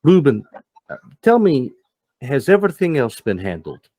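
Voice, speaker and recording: A man's voice: mid-range voice, very animated, moderate pace, dark tone, dry recording, voice pushed up. A man voicing a scheming male fixer with cybernetic hands, speaking formally and in a raised voice.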